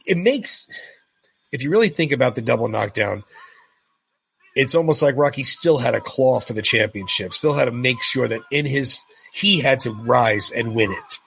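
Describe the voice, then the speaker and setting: Gravelly husky middle-aged man. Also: medium pitch, normal speed, no echo. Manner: excited, storytelling, animated recollection. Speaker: podcast co-host. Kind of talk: casual film commentary chat.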